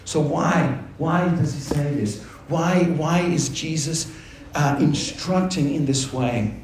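A man preaching a sermon as pastor, animated and putting questions to the congregation. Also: on the high side, slow pace, slight background noise. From Australia. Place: church. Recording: echoey church hall with faint ambience.

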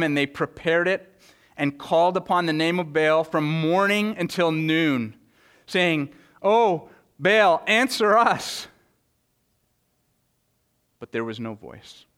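Male pastor, earnest sermon delivery, fairly high and resonant voice, repeats words, dramatic scripture reading. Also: clean tone. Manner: earnest preaching with frequent word repetitions; reads scripture aloud with dramatic swings in pitch and loudness.

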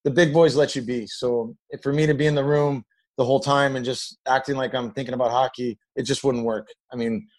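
A man's voice: mid-range voice, a little fast, low-quality recording. A middle-aged man, a former hockey player, telling locker-room stories in a casual, rambling way, livening up when he quotes teammates. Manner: rambling, animated when quoting others. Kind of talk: casual storytelling.

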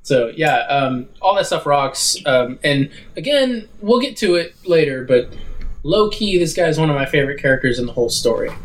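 A man co-hosting a casual film podcast, excitable and full of "like"s and swearing. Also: a little high, normal speed, a little hiss or hum. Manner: excitable, swears a lot, many "like"s. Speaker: podcast co-host.

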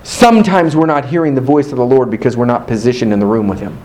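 A man's voice: mid-range voice, quick pace, darkish tone, rough recording. A man preaching a sermon in a hotel meeting room, building his points through rhythmic repetition and call-and-response with the congregation.

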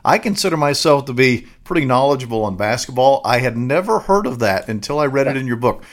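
A man's voice: medium pitch, lively intonation, a little fast. Enthusiastic male co-host. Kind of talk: casual interview.

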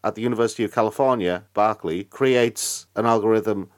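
A man's voice: on the low side, fairly quick. A man with a Northern English accent, co-hosting a casual podcast and telling stories with frequent laughter. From north of England. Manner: animated storyteller, laughs often. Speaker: podcast co-host. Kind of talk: casual chat.

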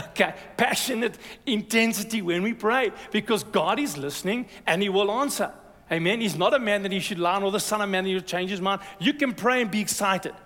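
A man preaching a sermon as a pastor, energetic and exhorting, calling "amen" to the congregation. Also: high-pitched. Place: church hall. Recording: reverberant church hall.

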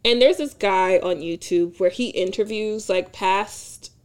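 A woman co-hosting a podcast, chatting casually and candidly with frequent profanity and animated retellings. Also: medium pitch, unhurried, clear, resonant tone. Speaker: podcast co-host. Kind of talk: casual chat.

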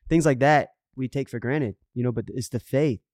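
A man's voice: medium pitch, moderate pace, darkish tone, no echo, studio quality. A middle-aged man on a podcast, telling an earnest story in casual chat and acting out the quotes. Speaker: podcast co-host.

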